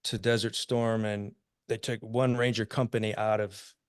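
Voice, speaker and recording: A man's voice: on the low side, level tone, normal speed, clear, resonant tone, no room sound, studio quality. An American man in his fifties, a podcast guest telling war stories in a casual, laughing way. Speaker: podcast guest, army veteran. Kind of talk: casual storytelling.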